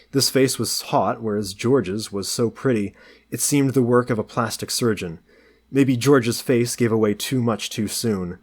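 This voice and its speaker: Calm, low-voiced male audiobook reader. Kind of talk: novel reading.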